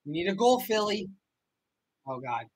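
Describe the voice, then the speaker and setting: A man streaming a live hockey watch-along, anxious and excitable, repeating the same phrases over and over. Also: high-pitched, moderate pace, breathy edge, low-quality recording. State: out of breath. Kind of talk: live reaction commentary.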